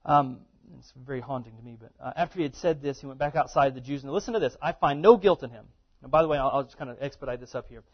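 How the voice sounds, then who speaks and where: A man giving a relaxed scripture lecture, posing questions to his listeners and then answering them. His voice sits at a middle pitch. The recording is muffled and lo-fi. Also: very fast, hardly any pauses. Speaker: Bible teacher.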